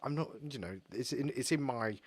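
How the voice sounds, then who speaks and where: A young English man co-hosting a casual podcast, blunt and sweary, telling animated stories. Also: medium pitch, brisk, husky. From England. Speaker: podcast co-host. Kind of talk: casual chat.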